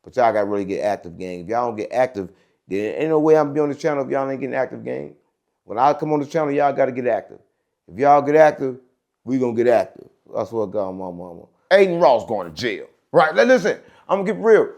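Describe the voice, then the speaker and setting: A man with a creaky, medium-pitched voice talks fast while hosting his own show. His casual monologue rambles through a story with animation, and he checks in with the audience using "right?" and "gang" again and again.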